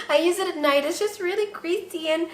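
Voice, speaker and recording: A young woman chatting in a casual vlog, bubbly and quick to laugh, acting out what others said. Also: very high voice, slight background noise. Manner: bubbly, laughs often, acts out quoted voices. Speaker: vlogger. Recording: roomy echo.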